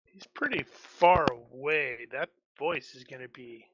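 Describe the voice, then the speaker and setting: A man's voice: mid-range voice, measured pace, fairly bright tone, no room sound, lo-fi sound. A man playing in a tabletop game, asking questions and joking with a sense of disbelief. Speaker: player. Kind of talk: casual tabletop play.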